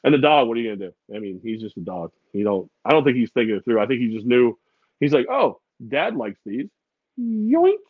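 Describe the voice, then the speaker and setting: A man co-hosting a podcast, telling funny stories in a casual, animated way and sometimes putting on voices. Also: fairly low pitch, fast, dry recording, phone-quality sound. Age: adult with a daughter. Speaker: podcast co-host. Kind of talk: casual chat.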